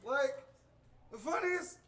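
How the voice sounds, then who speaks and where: A man's voice: extremely high pitch, animated, slow, recorded from a distance, background noise. A man hosting a comedy show, playful and teasing as he works the crowd. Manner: loose, playful, teasing the audience. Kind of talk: emceeing and crowd work. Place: comedy club stage. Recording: echoey club room heard from off-mic, crowd audible.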